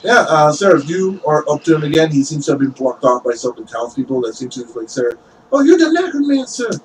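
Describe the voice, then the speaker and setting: A man's voice: on the high side, steady tone, quick pace, far from the mic, slight background noise, low-quality recording. A man narrating a tabletop game as game master, rambling with many fillers.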